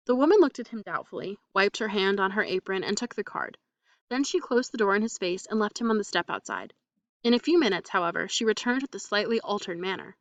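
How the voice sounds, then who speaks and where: A woman reading a mystery story aloud in a steady, even storytelling manner. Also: medium pitch, fairly quick, dry recording, distant mic. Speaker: audiobook reader.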